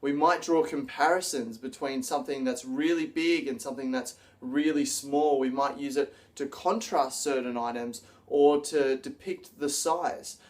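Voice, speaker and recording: A man coaching public speaking straight to camera, energetic, acting out gestures as he explains them. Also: medium pitch, unhurried, hardly any pauses. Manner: energetic, demonstrates gestures while talking. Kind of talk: direct-to-camera teaching video.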